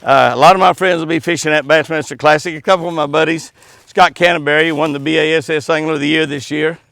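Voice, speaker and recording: Gravelly, chuckling man chatting outdoors. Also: a little high, fairly even intonation, quick pace, fairly bright tone, dry recording, studio quality. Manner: folksy, chuckling, talks sweetly to his dogs. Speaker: host. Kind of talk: casual outdoor chat to camera. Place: outdoors, walking in the woods.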